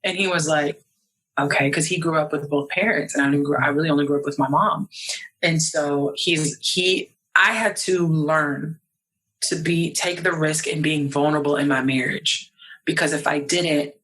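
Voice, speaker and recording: A woman's voice: sits low, steady tone, moderate pace, a bit bright, breathy edge, poor audio. A young woman from New York, a guest in a casual interview, talking animatedly and acting out quoted voices. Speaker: podcast guest.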